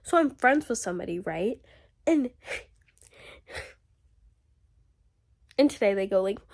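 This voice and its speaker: Woman, casual vlog rant, animated, filler-heavy, mid-pitched voice. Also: slow, creaky, pauses often. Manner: ranting, animated, many "like"s and "literally"s. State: recovering from illness. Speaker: vlogger.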